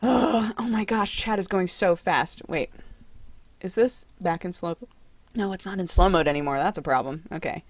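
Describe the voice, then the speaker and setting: A young woman hosting a casual livestream from home. She talks in a chatty, excitable way and coos to her cat. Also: lowish voice, normal speed, no room sound. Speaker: livestream host.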